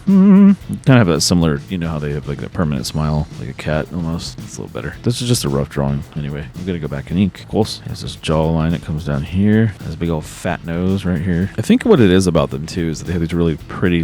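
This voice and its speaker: A man's voice: deep voice, a little mellow. A man casually rambling as he draws on camera, joking and poking fun at himself. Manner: joking, self-deprecating, rambling asides. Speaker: artist drawing on camera. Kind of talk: casual rambling commentary while drawing.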